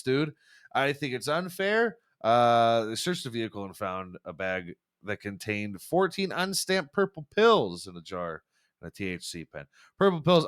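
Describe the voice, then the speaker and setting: A young man rants on his podcast, rambling and swearing, tripping over restarts as he goes. His voice sits at an ordinary middle pitch. It is recorded close and dry with no room sound. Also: a bit bright, clear, resonant tone, no room sound. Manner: rambling, profane, stumbling restarts, laughs at own jokes. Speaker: podcast host. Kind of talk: casual podcast rant.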